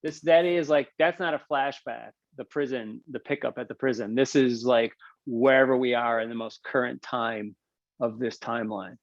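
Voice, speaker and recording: A man's voice: mid-range voice, normal speed, dry recording, highs cut off. A man hosting a book club over a video call, talking in a rambling, self-deprecating way with lots of fillers. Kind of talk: casual video call discussion.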